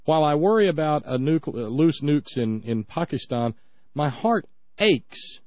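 A man co-hosting a political talk radio show, sarcastic and halting, with many fillers. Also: fairly high pitch, animated, no echo. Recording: dull dry lo-fi sound.

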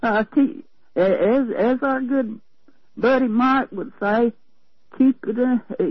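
Heard over a dull, lo-fi telephone line, this radio caller is an older Southern woman from Tennessee whose chat meanders folksily, with plenty of fillers and restarts. She has a fairly high voice, takes her time, and there's no room sound.

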